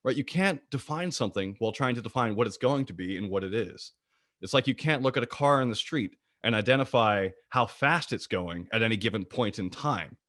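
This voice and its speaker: A man presenting an online slide lecture about birds, playful and jokey, with wide swings in pitch. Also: a bit bright, dry recording, clean studio sound. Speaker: guest presenter of a bird talk.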